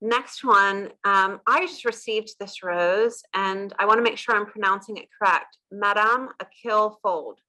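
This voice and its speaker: An American woman hosting a casual interview, chatty and quick, laughing easily at her own mistakes. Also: medium pitch, sharp tone, poor audio. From United States. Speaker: host of a rose channel.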